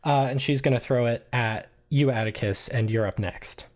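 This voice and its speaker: A man's voice: mid-range voice, moderate pace, darkish tone. A man narrating as game master of a tabletop game, laid-back, with lots of fillers and swearing.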